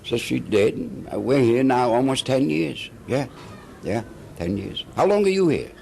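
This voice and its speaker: An older man, a veteran actor being interviewed, telling stories in an animated way, chuckling and acting out the people he quotes. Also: medium pitch, moderate pace, gravelly, slight background noise. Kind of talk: anecdotal storytelling.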